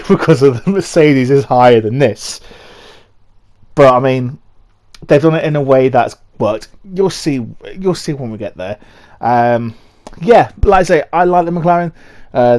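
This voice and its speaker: A man's voice: mid-range voice, darkish tone. Chatty young man ranking liveries. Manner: chatty and rambling, with many fillers and restarts. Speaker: motorsport vlogger. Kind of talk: casual commentary ranking car designs.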